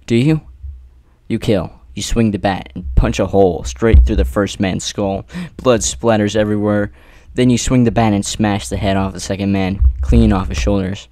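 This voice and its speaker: Man, low voice, mellow dark tone, dry close sound, dramatic second-person story reading, theatrical pauses. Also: steady tone, dry recording. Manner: reads with theatrical pauses and rhetorical questions. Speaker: narrator reading an AI-written adventure.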